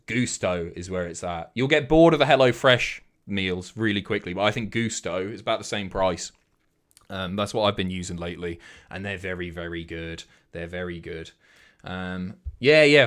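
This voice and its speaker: A man's voice: fairly low pitch, fairly bright tone. Sweary, jokey man streaming. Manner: sweary, jokey and self-mocking. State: a bit out of breath. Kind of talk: casual chat reading out viewer messages.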